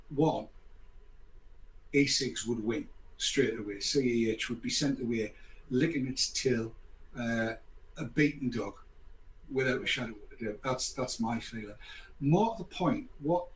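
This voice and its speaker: An older man talks sarcastically as the host of a casual show, rambling and throwing in mock apologies. His voice sits at an everyday middle pitch. The room gives it a noticeable echo, with faint noise underneath. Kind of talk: casual podcast chat.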